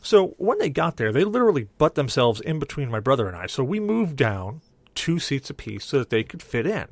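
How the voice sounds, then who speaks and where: Animated storytelling man on a podcast. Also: mid-range voice, brisk, no echo. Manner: animated, voices others in quoted dialogue. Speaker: podcast co-host. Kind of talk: casual storytelling.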